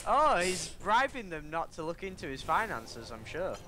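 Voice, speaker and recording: Teasing man, lively pitch. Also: moderate pace. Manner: teasing, joking banter. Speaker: co-host. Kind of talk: casual chat over gameplay.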